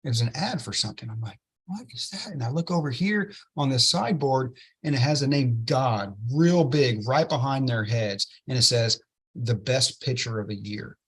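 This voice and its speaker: A man, an interview guest telling a story with excitement and many "right?" tag questions. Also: mid-range voice, moderate pace, slightly rough. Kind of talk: enthusiastic storytelling in a podcast interview.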